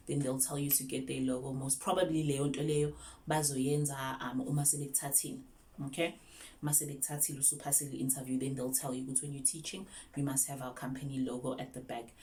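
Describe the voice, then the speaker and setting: Low-voiced South African woman giving tips. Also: darkish tone. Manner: chatty, mixing English with Zulu. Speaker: online English teacher. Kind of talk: casual tips vlog.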